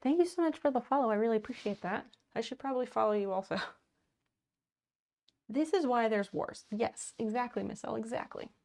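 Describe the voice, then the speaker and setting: Her voice is on the high side, gravelly and darkish, and she talks briskly. She's livestreaming from her home office while sorting and doing chores, chatting casually, greeting and thanking viewers, and laughing often.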